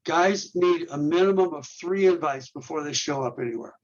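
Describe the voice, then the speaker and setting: A man's voice: on the high side, moderate pace. Earnest man on a dull lo-fi recording. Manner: earnest, lists steps and rhetorical questions, repeats and restarts words. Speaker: guest, men's ministry leader. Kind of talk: instructional interview talk.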